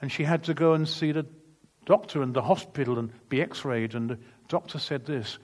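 Man, preacher, sermon, earnest, emphatic storytelling, medium pitch. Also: fairly even intonation, moderate pace. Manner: earnest, emphatic testimony with vivid retold dialogue.

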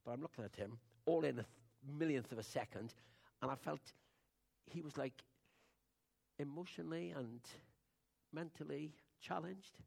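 Older male preacher, gravelly voice, folksy storytelling sermon that swings from hushed to booming. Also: moderate pace, long pauses. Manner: conversational, swings between hushed asides and loud emphatic declarations.

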